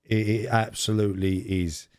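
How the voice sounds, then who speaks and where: A middle-aged man co-hosting a podcast, telling an anecdote in a casual, animated way with frequent laughs and restarts. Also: on the low side, moderate pace, clean tone, no room sound, clean studio sound. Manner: animated storyteller, laughs often, many restarts. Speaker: podcast co-host. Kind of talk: casual storytelling chat.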